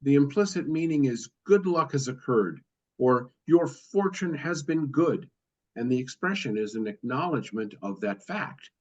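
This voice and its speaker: A man's voice: mid-range voice, expressive, normal speed, darkish tone, slight background noise. Man reading a text aloud, lo-fi. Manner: reads steadily, occasionally stumbles and corrects himself. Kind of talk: reading aloud in a study session. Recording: dull lo-fi audio.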